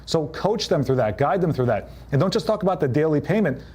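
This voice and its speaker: Energetic coach man, punchy delivery. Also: a little high, a little fast, slightly rough. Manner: punchy, acts out quoted clients in changed voices. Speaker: real estate coach. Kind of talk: live motivational business talk.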